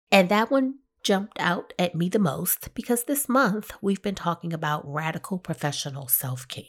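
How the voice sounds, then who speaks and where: Slow, husky-voiced woman podcast host. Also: deep voice. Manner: measured, explanatory delivery. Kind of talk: solo podcast talk.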